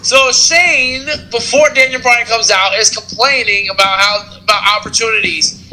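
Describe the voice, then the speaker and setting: A man co-hosting a podcast, recapping wrestling shows in casual, animated chat. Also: very high-pitched, poor audio. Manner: animated, quick recap storytelling.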